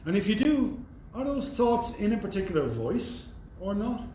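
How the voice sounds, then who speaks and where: A man's voice: high voice, very animated, moderate pace, warm tone. A man giving a university lecture in a thoughtful, conversational way with wry asides. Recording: roomy echo, faint background noise.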